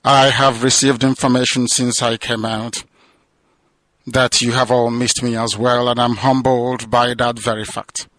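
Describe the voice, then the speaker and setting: A radio broadcaster speaking from abroad after a prison release delivers an impassioned, declamatory address that builds to fervent crescendos. His medium-pitched, fairly bright voice has a flat delivery at a measured pace, and the recording is dry and low in quality.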